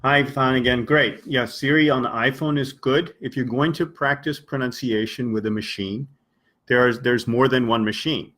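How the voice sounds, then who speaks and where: A man's voice: mid-range voice, steady tone, normal speed, a bit bright. A man teaching English on a live stream, explaining patiently and acting out short example dialogues for his listeners.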